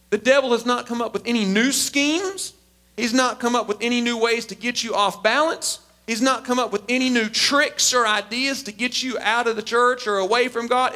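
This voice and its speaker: A man preaching a sermon as a pastor, emphatic and animated. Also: extremely high pitch. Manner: animated, emphatic, acts out quotes.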